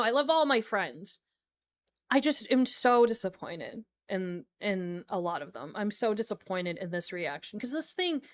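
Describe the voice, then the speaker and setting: A young American woman chatting casually on a livestream as a VTuber, rambling with lots of fillers and frequent laughter. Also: mid-range voice. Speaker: VTuber streamer.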